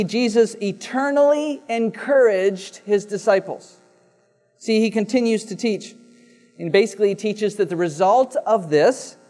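High-voiced man preaching slowly. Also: darkish tone. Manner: slow, deliberate preaching with dramatic pauses and repetition. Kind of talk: sermon.

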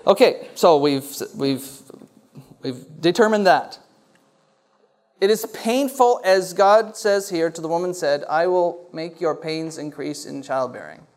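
A man's voice: a little high, measured pace. A male pastor preaching a sermon to a congregation and putting questions to them. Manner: animated, asks the congregation questions. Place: church hall before a congregation.

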